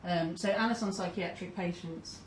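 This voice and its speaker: A woman's voice: fairly low pitch, fairly even intonation, moderate pace, a little hiss or hum. A woman giving a talk, hesitant and full of ums, reading out quotes as she goes. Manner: hesitant, many ums, reads quotes aloud. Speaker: conference speaker. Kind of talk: presentation talk. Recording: roomy hall recording from a distance.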